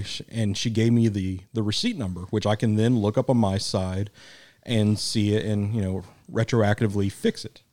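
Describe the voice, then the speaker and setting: A man's voice: lowish voice, steady tone, moderate pace, darkish tone, no room sound. A man co-hosting a podcast, telling a rambling story with frequent laughs and casual swearing. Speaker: podcast co-host. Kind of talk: casual chat.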